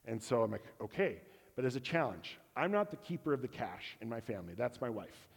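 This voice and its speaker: A man's voice: medium pitch, sing-song, fast talker, gravelly, husky, in a large hall. A man telling a personal story in a sermon, candid and self-deprecating, acting out bits of dialogue. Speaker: preacher. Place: church.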